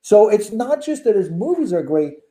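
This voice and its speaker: Man, high voice, very bright and sharp tone, emphatic, opinionated, rhetorical questions. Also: very animated, moderate pace. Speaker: guest. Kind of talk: casual chat.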